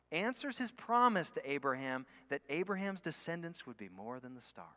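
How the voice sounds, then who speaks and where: A man preaching a sermon. He leans hard on key words, slows right down on them, and sometimes drops almost to a whisper. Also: on the high side, sharp tone. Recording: long hall reverb.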